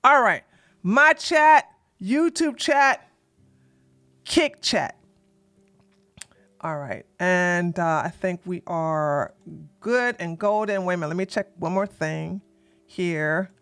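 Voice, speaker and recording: A woman's voice: fairly low pitch, animated, slow pace, pauses often, fairly bright tone, clean tone, faint music behind. Flustered, rambling woman streamer. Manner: rambling, flustered, talks to chat while fixing setup; blunt and sassy, mild cursing. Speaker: livestream host. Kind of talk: casual livestream chat.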